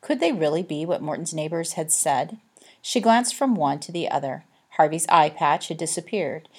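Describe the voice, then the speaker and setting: A woman narrating an audiobook in a measured, expressive way. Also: deep voice, breathy edge. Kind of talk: scripted narration.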